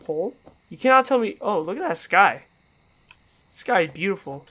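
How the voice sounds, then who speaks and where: Lively-pitched profane gaming guy. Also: moderate pace, long pauses. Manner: profane and sarcastic, swinging from mutters to panicked yelling. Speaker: gaming YouTuber. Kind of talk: horror game let's-play commentary.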